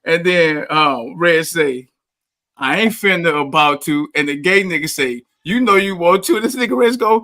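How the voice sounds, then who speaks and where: A man's voice: sits high, steady tone, moderate pace, pushed and bright. A man hosting a podcast, telling a funny barbershop story in casual, profane banter and laughing as he goes.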